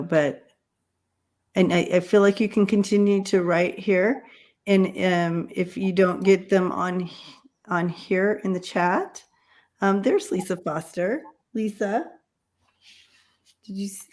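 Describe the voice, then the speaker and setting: A woman's voice: mid-range voice, fairly even intonation, slow pace, a little mellow. A woman hosting a casual livestream chat who rambles, with many fillers and restarts. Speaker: livestream host.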